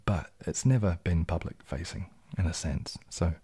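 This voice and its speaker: A man with a low, husky, mellow voice chats softly on a relaxed ASMR livestream. He rambles gently through viewers' questions and sometimes slips into a whisper. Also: moderate pace. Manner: relaxed, rambling, drops into whispers, reads chat aloud. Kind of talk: casual soft-spoken livestream chat.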